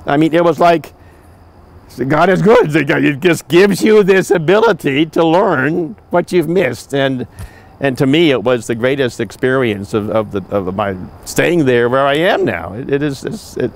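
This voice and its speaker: An older man in his seventies tells his memories at length, stopping and restarting as he goes. His voice sits somewhat high for a man, and he wanders into asides as he talks. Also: unhurried, creaky. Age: 70s. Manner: rambling, with many restarts and asides. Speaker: returned volunteer telling stories. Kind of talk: oral history storytelling.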